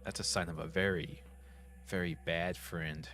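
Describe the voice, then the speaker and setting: A man voicing a creepy male teenager in a video game, speaking with smooth, veiled menace. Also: deep voice, steady tone, normal speed, a bit bright. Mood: menacing. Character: creepy smiling male teen, inhuman inside.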